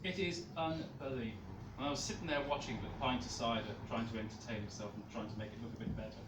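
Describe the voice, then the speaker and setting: A man doing a comic poetry reading at a small live venue, breaking into loud shouted lines. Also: mid-range voice, quick pace, background noise. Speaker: performance poet. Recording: roomy, distant live room mic.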